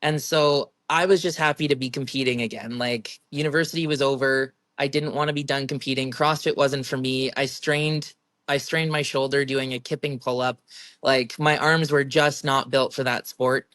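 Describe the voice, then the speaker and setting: In a casual interview, a young adult professional strongwoman shares animated stories from her competitions, chatting away and giggling often. Her voice is extremely low-pitched and moves at a normal speed. The recording is studio quality with no room sound.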